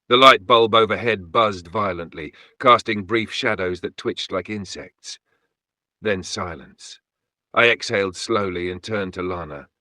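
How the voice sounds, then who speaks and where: Hushed, low male horror narrator. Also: measured pace, no echo, studio quality.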